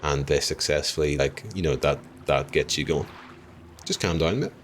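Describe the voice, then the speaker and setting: A man's voice: extremely low pitch, moderate pace, slight background noise. A young Irish man streaming a game live, chatting with viewers as he plays, laughing often and apologizing easily. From Ireland.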